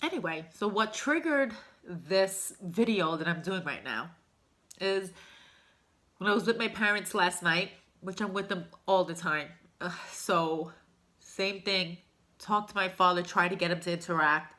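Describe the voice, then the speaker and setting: A woman's voice: fairly low pitch, a little slow, bright, forceful tone. A woman vlogger telling a personal story to camera in a candid, emotional, rambling way. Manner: emotional, heartfelt, rambling with fillers.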